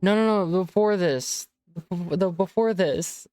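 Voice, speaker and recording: A man's voice: sits high, measured pace, mellow. Sex: man. Style: chatty gaming streamer. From Texas. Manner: chatty, rambling, jumps into silly voices. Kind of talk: casual chat while playing. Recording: noisy stream audio.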